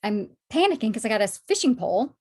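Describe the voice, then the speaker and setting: A woman shares her personal faith testimony in conversation, talking fast. She grows animated when acting out past moments and her own past words, then turns soft and low when she reflects.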